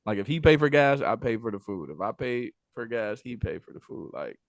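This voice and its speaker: A mid-pitched man reminiscing in a casual podcast chat. He talks in a laid-back way and swears freely. His voice sounds close and dry. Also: big pitch swings, fairly quick, gravelly, no echo. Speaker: podcast co-host.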